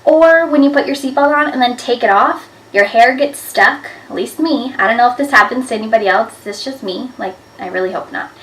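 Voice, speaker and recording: A woman in her twenties telling embarrassing stories to camera in a chatty, animated way, with lots of "like" fillers. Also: on the high side, a little fast, few pauses. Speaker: vlogger. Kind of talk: casual storytelling to camera. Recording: echoey room, a bit far from the mic.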